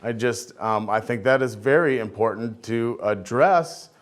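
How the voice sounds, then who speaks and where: A man answering as a candidate at a forum, blunt and halting with many pauses and restarts. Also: mid-range voice.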